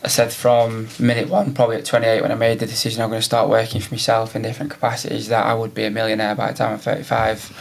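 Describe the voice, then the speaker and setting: Gravelly, flat-toned man with Manchester twang. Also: on the low side, racing, hardly any pauses, slight background noise. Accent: Manchester-tinged. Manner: easygoing, rambling with many fillers. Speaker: podcast guest, business owner. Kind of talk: casual podcast chat.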